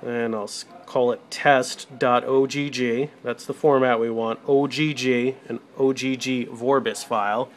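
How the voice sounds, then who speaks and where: This casual screen recording has a radio-show tutorial presenter at his computer, giving practical step-by-step instructions for configuring a desktop microphone and calling software. He speaks in a mid-range voice, and his level shifts as he moves closer to and farther from the desktop USB microphone.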